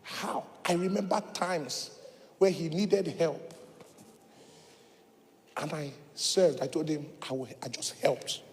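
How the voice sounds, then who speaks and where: A man preaching a fervent sermon as pastor, calling out to the congregation and rising to shouts. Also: a little high, slow pace, gravelly, pauses often, a little hiss or hum. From Africa. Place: church sanctuary. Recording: echoey church hall with faint music.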